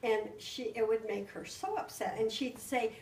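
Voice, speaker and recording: An older woman, a grandmother, telling a story to her family with animated, giggly delivery. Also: fairly high pitch, moderate pace, a little hiss or hum. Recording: roomy room, mic at a distance.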